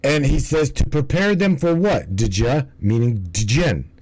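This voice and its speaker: A man's voice: mid-range voice, expressive, slow, darkish tone, husky, low-quality recording. A man hosting a livestream in casual commentary, rambling and swearing, often stumbling and restarting his words. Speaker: livestream host.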